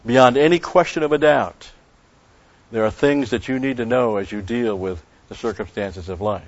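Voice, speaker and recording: A man teaching the Bible in an expository sermon, emphatic, repeating key phrases and slowing down on Greek words. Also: mid-range voice. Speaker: preacher. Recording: dull lo-fi recording.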